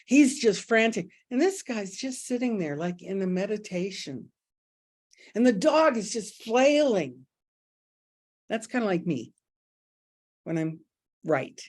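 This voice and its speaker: A middle-aged woman leading an online spiritual group over a video call, talking in a folksy, expressive way and calling listeners "honey.". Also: mid-range voice. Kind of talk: casual spiritual talk.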